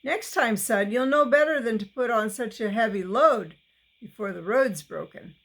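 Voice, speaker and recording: A woman's voice: fairly high pitch, moderate pace, a bit bright. A woman voicing a stern farm father. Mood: calm advice.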